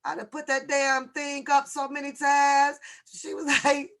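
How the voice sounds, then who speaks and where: A woman's voice: high voice, monotone, a little slow, fairly bright tone. A woman hosting a casual livestream over a video call, brash and profane, often laughing and talking straight to her viewers. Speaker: livestream host.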